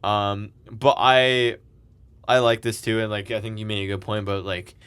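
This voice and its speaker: A man with a fairly low, smooth and clear voice talks through a recap in a loose, chatty way. He rambles a bit, restarting sentences and tossing in "like" and "um" as he goes. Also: level tone, normal speed, a bit bright. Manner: rambling, filler-heavy recapping with laughs. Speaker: podcast co-host. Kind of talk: casual recap chat.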